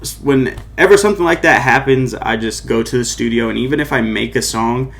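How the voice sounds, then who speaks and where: A man's voice: mid-range voice, brisk, a bit bright. A young man hosting his own podcast, telling a personal story in a loose, rambling way, full of "like" and "you know what I mean". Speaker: podcast host and musician.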